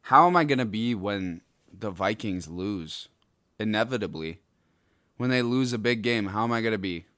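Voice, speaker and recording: A young adult man hosting a solo podcast, ranting in an angry, exasperated way with sudden loud outbursts. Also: lowish voice, expressive, normal speed, no echo, studio quality. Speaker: podcast host.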